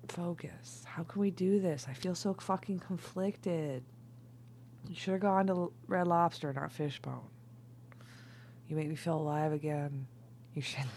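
A tipsy woman doing a casual, rambling tarot reading, swinging between loud outbursts, laughter and whispers. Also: low voice, a little hiss or hum. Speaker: tarot reader.

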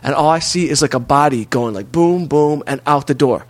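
A man telling a wild personal story in casual chat, swearing often and acting out quotes with lively energy. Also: on the high side, normal speed, no echo. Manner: animated, profane, swearing-to-God storytelling with acted-out quotes.

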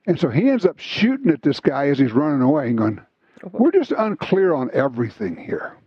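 A husky man hosts a casual talk, swapping stories in an animated, chatty way. The sound is a little dull and lo-fi. It is dry, with no room around it. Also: on the high side, fairly quick, dry recording. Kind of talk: casual chat, storytelling.

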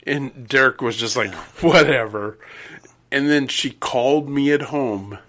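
A man's voice: medium pitch, normal speed, bright, forceful tone. A man telling stories in casual chat, wry and dry-humored, acting out the people he quotes. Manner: wry, storytelling with quoted voices.

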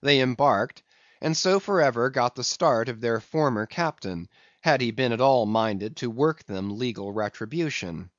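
Male audiobook narrator, plain steady reading, dry muffled recording. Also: mid-range voice, moderate pace, no room sound. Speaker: audiobook reader. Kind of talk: scripted narration.

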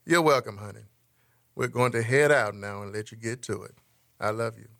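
A gentle, loving father, as an actor plays him, speaking in a clear, bright, forward voice. He sounds close and dry as he reassures his daughter. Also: on the low side, normal speed, no echo. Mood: tender. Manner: warm-hearted, reassuring talk.

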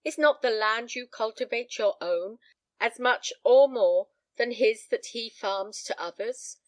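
A woman voicing an eager young daughter who pleads in a high, bright, imploring tone. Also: a little slow, no room sound, close to an everyday voice.

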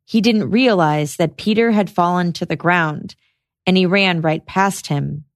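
Low-voiced woman narrating true crime. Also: no echo, studio quality. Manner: measured, recounting testimony. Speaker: podcast host.

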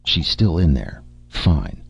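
Man doing a husky growling barbarian warrior. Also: rumbling low, big pitch swings, slow, heavily acted. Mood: gruff, dry. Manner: dry, curt, mocking. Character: gruff blunt barbarian warrior man, scornful. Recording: dull lo-fi recording.

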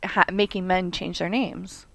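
A woman chatting on a podcast as a guest, playful and quick to laugh. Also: on the low side, steady tone, vocal fry, a bit bright, dry recording. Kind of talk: casual chat.

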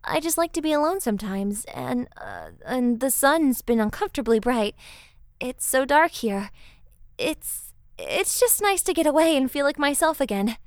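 Woman as a quiet, wistful young goddess, high and smooth, close dry sound. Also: sing-song, normal speed, dry recording. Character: gentle young goddess who loves quiet.

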